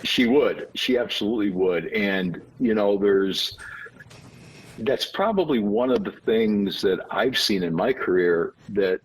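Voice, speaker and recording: A man, an author guest on an interview podcast, explaining his ideas in a measured, storytelling way. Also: fairly low pitch, breathy edge, poor audio. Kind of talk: conversational interview.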